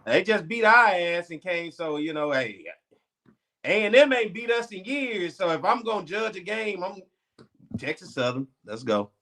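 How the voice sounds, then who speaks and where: A man co-hosting a sports talk show, talking in animated, excitable casual banter. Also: high-pitched, moderate pace.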